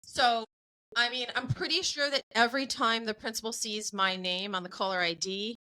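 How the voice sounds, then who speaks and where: A woman in her forties hosts a casual podcast chat, her voice bright and forceful and pitched a little high. She talks bluntly and with lots of animation, and laughs easily between her points. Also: fairly even intonation, moderate pace, poor audio. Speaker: podcast host.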